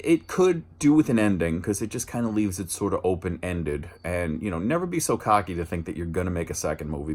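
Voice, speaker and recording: Chatty man with a lowish voice. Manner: rambling and chatty, with frequent restarts and dry asides; jumps higher and louder when mimicking lines. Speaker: movie review host. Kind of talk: casual spoken movie review.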